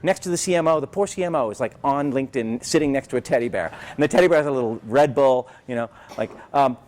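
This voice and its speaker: A man's voice: medium pitch, fast, darkish tone. A man speaking as a guest at a business event, telling stories in a sarcastic, rambling way with frequent profanity and tag questions. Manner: sarcastic, rambling, profane, peppered with "right?" and "you know". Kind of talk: animated conversational storytelling.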